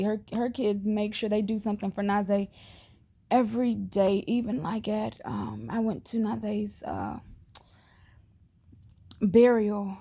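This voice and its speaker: Holding back tears, a grieving mother records a personal video message to the camera. She speaks earnestly and haltingly in a medium-pitched, mellow voice, her sentences often trailing off.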